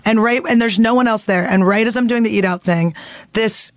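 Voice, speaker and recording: A woman's voice: on the high side, brisk, no room sound. Woman comic guest, loose and profane, rambling storyteller, dry close sound. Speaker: comedian guest. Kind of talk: casual podcast storytelling.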